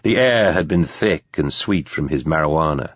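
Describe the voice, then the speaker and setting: Man narrating an audiobook, very low voice, measured pace, dull lo-fi dry sound. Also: animated, slightly rough, dry recording. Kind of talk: scripted narration.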